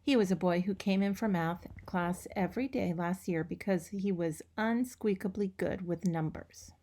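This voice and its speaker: A woman reading a children's book aloud with expressive, lively storytelling. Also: on the low side, moderate pace. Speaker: reader.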